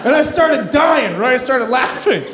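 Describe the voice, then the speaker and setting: High-voiced stand-up comic in a roomy club. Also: male voice, normal speed, highs cut off. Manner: animated storytelling, acting out characters' lines. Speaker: stand-up comedian. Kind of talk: stand-up comedy set. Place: comedy club stage. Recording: roomy club recording with crowd laughter.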